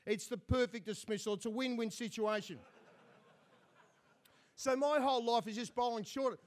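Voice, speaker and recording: A man's voice: very high-pitched, normal speed. An Australian man telling comic stories as an after-dinner speaker, dry and self-mocking.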